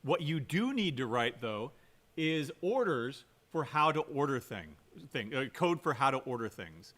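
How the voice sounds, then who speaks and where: A computer science lecturer delivers a recorded programming lecture in a conversational style. His mid-range voice swings widely in pitch and has a fairly bright tone, and he speaks unhurriedly. He keeps asking "right?", stresses key words emphatically, and uses fillers and restarts.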